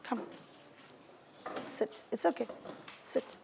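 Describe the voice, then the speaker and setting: A woman's voice: takes it slowly, a little mellow. A woman teaching a primary school science class, encouraging her pupils and calling them darling as she leads a clean-up and a discussion.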